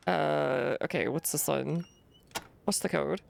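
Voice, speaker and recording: A woman's voice: low voice, slow pace, vocal fry, a little mellow. A woman streaming a game, talking wryly and thinking aloud as she reads the text on screen. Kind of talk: let's play commentary.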